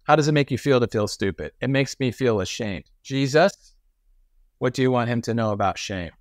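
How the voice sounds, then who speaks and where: A middle-aged man telling stories as a podcast guest, animated and acting out the voices of people he quotes. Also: mid-range voice, brisk, no echo, studio quality. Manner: frequent restarts and repetitions. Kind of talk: conversational storytelling.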